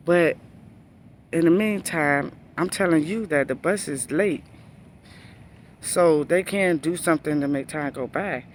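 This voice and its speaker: Parent vlogger, male, a bit high-pitched, casual exasperated rant, repeats himself. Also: unhurried, pauses often, slight background noise. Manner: exasperated storytelling with repeated phrases. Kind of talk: casual venting monologue.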